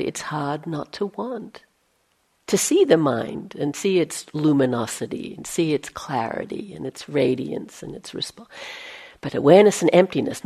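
A woman with a slightly low voice gives a dharma talk as a meditation teacher. She keeps it conversational, with playful self-mocking asides. At times she drops to a near-whisper to voice her inner thoughts. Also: darkish tone.

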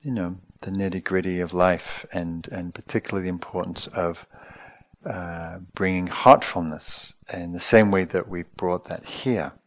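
A male meditation teacher giving a dharma talk, speaking slowly and gently with reflective pauses and hesitations. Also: sits low, steady tone.

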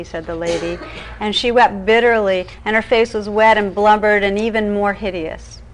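A woman meditation teacher reading an old legend aloud in a calm, measured way during a dharma talk. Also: lowish voice, poor audio.

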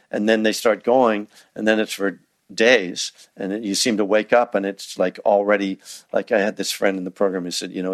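A man's voice: fairly low pitch, vocal fry, dry recording. A man giving a dharma talk as a meditation teacher, speaking conversationally with frequent restarts and fillers, acting out inner thoughts in quoted asides. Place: meditation hall.

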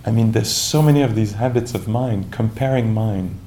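A man giving a calm, reflective dharma talk as a meditation teacher, searching for words with many restarts and asides. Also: fairly low pitch, normal speed, slight background noise.

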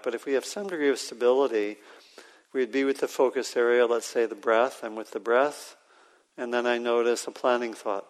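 A man leads a guided meditation session, his medium-pitched voice unhurried and halting, with many pauses and fillers. He speaks to a group in a meditation hall, and the sound carries a long reverb. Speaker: meditation teacher.

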